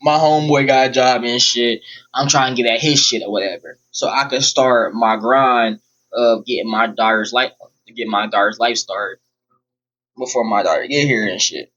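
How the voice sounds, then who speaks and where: A man's voice: medium pitch, moderate pace, bright, forceful tone, lo-fi sound. A young man rambling bluntly and profanely through a personal storytime vlog. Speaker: vlogger. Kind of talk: casual storytime monologue.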